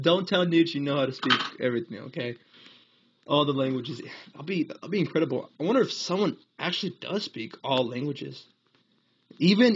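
A man's voice: on the high side, breathy edge, dull audio. A young American man chatting on a casual live gaming stream, rambling, laughing often and reading chat aloud. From United States. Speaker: livestreamer.

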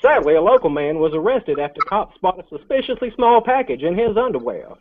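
A man's voice: high voice, sing-song, brisk. A man putting on a drawl to play a mock local news anchor reading headlines over-seriously. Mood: mock-solemn. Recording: phone-like video call line, faint noise.

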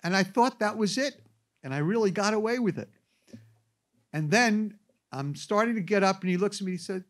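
Lively storytelling man, fairly high voice. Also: moderate pace, long pauses. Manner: animated storyteller with wry asides. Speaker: lecturer. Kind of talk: anecdotal classroom lecture.

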